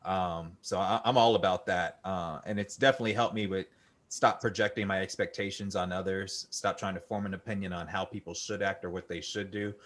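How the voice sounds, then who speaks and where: A man hosting a podcast interview, relaxed and affirming, who laughs easily while chatting. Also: low-pitched, brisk. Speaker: podcast host. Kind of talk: casual interview chat.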